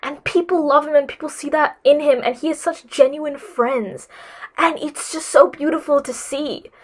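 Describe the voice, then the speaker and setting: A woman's voice: high voice, fairly even intonation, moderate pace. A teenage girl vlogging advice to her viewers, gushing and rambling with lots of filler words, emotional and close to tears. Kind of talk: casual advice vlog.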